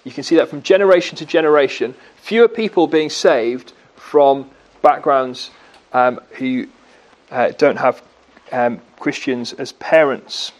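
A man's voice: mid-range voice, unhurried. A man preaching a sermon. He teaches from scripture and asks the congregation questions as he goes.

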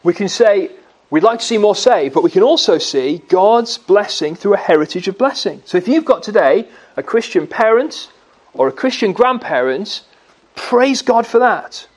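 A man's voice: sits high, animated, normal speed. A man preaching a sermon. He teaches from scripture and asks the congregation questions as he goes.

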